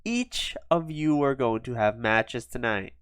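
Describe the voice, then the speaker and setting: A smug, scheming wrestling boss lays down his rules, and the line wobbles up and down in pitch. A man puts him on while retelling a game, close to the mic in a dry room. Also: expressive, unhurried, fairly bright tone, clear, resonant tone, dry recording.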